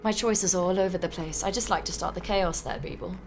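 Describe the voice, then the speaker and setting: A woman's voice: lowish voice, a little fast, soft background music. A woman streamer giving joking, chatty commentary while she plays a story game live. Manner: joking, chatty, cheeky asides.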